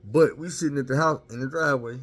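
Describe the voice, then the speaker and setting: A man's voice: medium pitch, fast talker, a little hiss or hum. A man casually telling a candid, profane story about himself and mocking his own mistakes.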